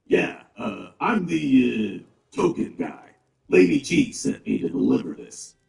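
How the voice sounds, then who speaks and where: A man's voice: fairly low pitch, huge pitch swings, slow pace, a little mellow, exaggerated voice. An actor playing a big, blunt male orc who grumbles and talks with dry sarcasm. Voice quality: gravelly. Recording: roomy, distant, game music behind.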